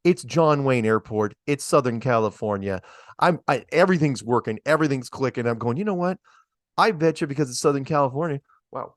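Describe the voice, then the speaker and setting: A man's voice: mid-range voice, animated, fairly quick, no echo, clean studio sound. A man hosting a casual livestream chat, telling stories in a rambling way with chuckles, restarts and mild swearing. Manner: swears mildly, drawls "man" and "right?". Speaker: host.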